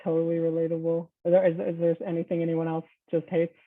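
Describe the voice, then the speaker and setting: A moderator in a casual group video call, brisk and encouraging. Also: mid-range voice, monotone. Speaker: roundtable moderator. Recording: tinny phone-like call audio.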